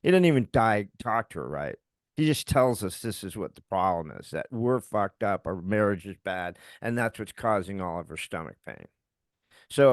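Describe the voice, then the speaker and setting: A man's voice: on the low side, clean tone, no echo. A middle-aged man co-hosting a podcast, telling a personal story in a heated, profane way and acting out what others said. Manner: profane, heated, recounting events with acted quotes. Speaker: podcast co-host.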